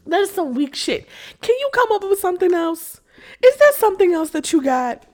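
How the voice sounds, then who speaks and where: On her podcast, a young woman rants casually, swearing and laughing while mocking her subjects. She speaks at a moderate pace in a very high, slightly mellow voice that swings widely in pitch.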